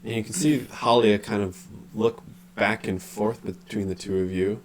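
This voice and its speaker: A man narrating as game master in a relaxed, halting way, full of restarts. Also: on the low side, a little hiss or hum.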